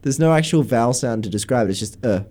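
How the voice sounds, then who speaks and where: A man's voice: mid-range voice, fast talker, darkish tone. A man co-hosting a radio chart show, making wry, teasing remarks in casual chat. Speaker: radio co-host.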